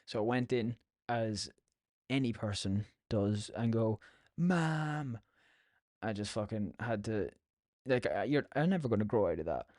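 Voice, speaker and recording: A man's voice: on the low side, moderate pace, darkish tone, no echo, clean studio sound. Sweary Irish man rambling casually. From Ireland. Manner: sweary, chatty storytelling. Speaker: podcast host.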